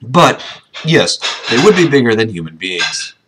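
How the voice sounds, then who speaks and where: A man's voice: medium pitch, sing-song, measured pace, background noise. A man reading a book aloud and breaking off into sarcastic, mocking commentary between passages. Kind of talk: casual dramatic reading with commentary.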